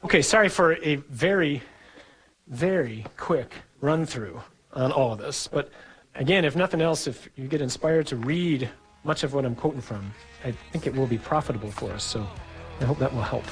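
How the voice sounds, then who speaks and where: A middle-aged man, a priest, giving an earnest, conversational sermon with a husky voice and the odd chuckle. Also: medium pitch, normal speed, faint music behind, poor audio.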